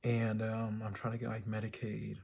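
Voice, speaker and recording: Gravelly young man ranting casually. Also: fairly low pitch, monotone, moderate pace, darkish tone. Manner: rambling, profane, with lots of fillers. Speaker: vlogger. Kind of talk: casual rant to camera.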